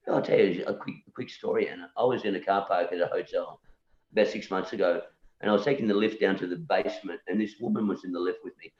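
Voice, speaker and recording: A male musician, appearing as a guest in a casual conversation, argues his point and challenges beliefs, repeating words and constantly asking "you know?" His voice is fairly low with a darkish tone, recorded in an echoey room with dull lo-fi sound.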